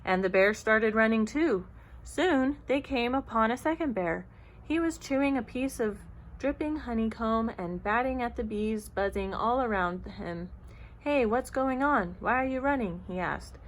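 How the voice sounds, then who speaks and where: A woman's voice: on the high side, a little hiss or hum, poor audio. Woman storyteller reading a picture book. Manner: measured, expressive.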